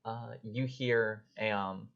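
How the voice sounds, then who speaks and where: A man's voice: on the low side, fairly even intonation, takes it slowly, fairly bright tone. A man narrating a tabletop game as game master, casual and rambling with many fillers. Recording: dull lo-fi audio.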